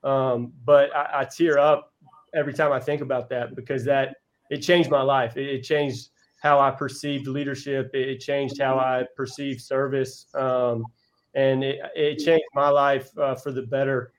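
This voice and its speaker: A man's voice: mid-range voice, flat delivery, measured pace. A man in his thirties, a basketball coach, talking earnestly as a guest in a casual interview. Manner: earnest, reflective storyteller.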